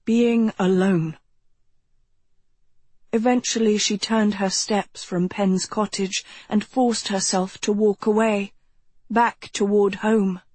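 A woman narrates a novel in a slow, gentle, measured way. Her voice is soft and breathy at a middle pitch. The recording is dry and close, with no room sound. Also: fairly even intonation, dry recording. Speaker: audiobook narrator. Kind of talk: scripted narration.

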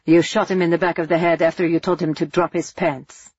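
A woman voicing a brave male priest who quietly challenges his captor. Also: on the low side, little pitch movement, a little fast, breathy edge, no echo, dull audio. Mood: challenging.

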